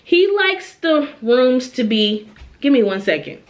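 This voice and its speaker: A young woman vlogging at home, chatty and animated, often tagging her points with "okay?". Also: sits high, unhurried. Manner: chatty, animated, repeats phrases and tags "okay?". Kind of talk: casual chat to camera.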